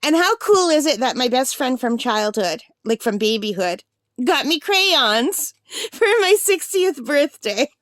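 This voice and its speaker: A sixty-year-old woman unboxing a birthday gift on her vlog, gushing with breathless excitement. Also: high-pitched, a little slow, no room sound, clean studio sound. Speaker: art supply vlogger.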